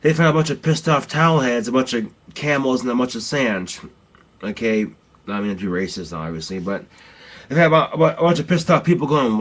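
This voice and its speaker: A man's voice: medium pitch, expressive, fairly quick, fairly bright tone. A man ranting bluntly and profanely in a casual, rambling vlog.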